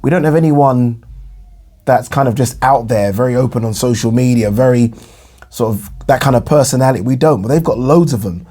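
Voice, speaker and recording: In a medium-pitched, dark-toned voice, a young Englishman gives solo boxing commentary at a slightly fast pace. As a boxing vlogger he chats casually about the news, wandering off track and leaning on fillers and repeated phrases.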